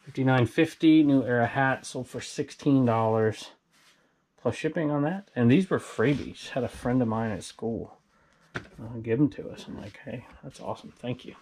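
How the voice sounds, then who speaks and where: A Southern California man who resells items chats casually with viewers while showing off his finds, rambling in a talkative way. His mid-range voice has a darkish tone and moves at a normal speed, with slight background noise.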